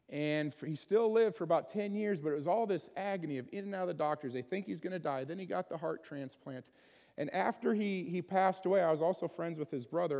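A man's voice: fairly high pitch, darkish tone, in a large hall. A man preaching a sermon in a conversational way, often putting questions to his listeners. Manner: conversational, asks the congregation many questions. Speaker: pastor.

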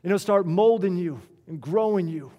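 Middle-aged preacher guy, bit high voice, earnest, long echo in the church hall. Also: moderate pace, warm tone, lo-fi sound. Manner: earnest preaching, asks the congregation questions. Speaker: pastor. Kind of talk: sermon.

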